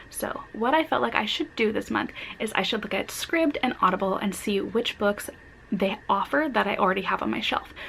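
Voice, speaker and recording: A young woman talks through her reading plans in a casual, excitable vlog, often giggling. Her voice has a gravelly, fry-tinged edge, and a faint hiss of background noise sits under the recording. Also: mid-range voice, poor audio. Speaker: book vlogger.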